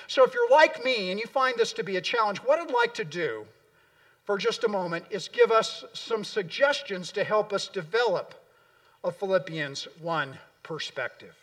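A middle-aged pastor preaches in a church sanctuary, his high, slightly bright voice picked up by a distant mic. He is earnest and emphatic, often repeating words to give them weight.

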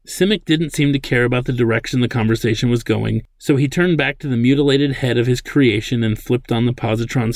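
A man reading his own science-fiction novel aloud in a steady, plain narrating voice. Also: medium pitch, dry recording. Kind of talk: audiobook narration.

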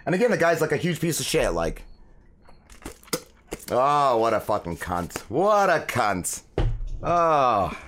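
A man's voice: medium pitch, big pitch swings, slow, long pauses, background noise. A man hosting a podcast, ranting with constant swearing and mimicking other people. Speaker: podcast host. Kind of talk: profane casual rant.

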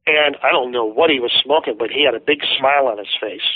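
A man's voice: medium pitch, quick pace, no echo. A man, a guest author, telling a long story in an interview, acting out the words of the people in it. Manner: lively storyteller, voices other people's words. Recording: tinny dry phone line.

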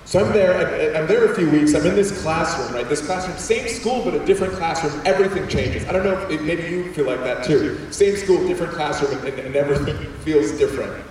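A man telling a personal story to an audience of students, animated and quick to act out voices, with many restarts. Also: fairly high pitch, a little hiss or hum. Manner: animated, acts out voices, repeats words. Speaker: speaker addressing students. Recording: echoey hall from far off.

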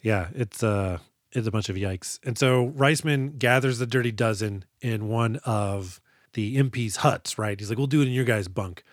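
A man's voice: on the low side, normal speed, no room sound. Joking male podcast host, dry sound. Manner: jokey, acts out movie lines in quoted voices. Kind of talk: casual movie podcast chat.

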